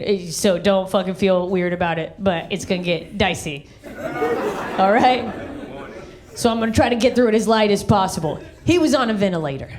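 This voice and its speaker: A woman from the American South doing a live stand-up comedy set on a handheld stage mic, brash, swinging her voice high and low for punchlines. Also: darkish tone. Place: live comedy venue with audience. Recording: live show with crowd laughter. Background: audience laughter.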